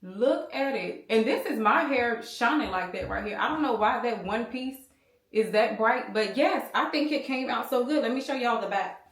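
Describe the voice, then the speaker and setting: A woman's voice: a little high, normal speed, roomy sound. A woman in her thirties chatting to her viewers as a beauty vlogger, rambling casually and calling them y'all. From United States. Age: 30s. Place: room at home. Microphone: small handheld camera.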